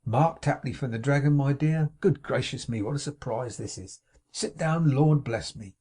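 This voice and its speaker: A man's voice: mid-range voice, moderate pace, dark tone, slightly rough, voice pushed up, natural voice. A man doing an overjoyed, flustered young man. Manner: eager, breathless exclamations. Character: excitable, kindly young man, warm and flustered.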